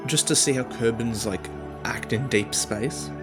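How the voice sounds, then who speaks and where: A man narrating a gaming video in a recorded voice-over, relaxed and rambling as he explains what he built. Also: medium pitch, a little slow. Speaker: gaming YouTuber. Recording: voice-over with clear background music.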